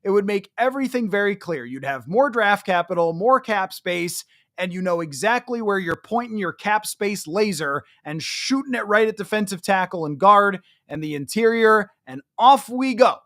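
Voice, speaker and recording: A man's voice: sits high, expressive, moderate pace, a bit bright. A man hosting a solo sports podcast, giving chatty, emphatic commentary with self-mocking asides. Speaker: podcast host.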